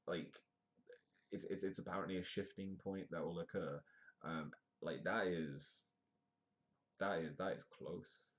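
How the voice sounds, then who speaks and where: A man with a deep, low voice hosts a live comedy news stream. He reads stories aloud in a casual way, then wanders off into chatty, self-correcting side remarks and jokes. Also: a little mellow. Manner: rambling, self-correcting, chatty asides between read articles. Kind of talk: casual news reading with comic asides.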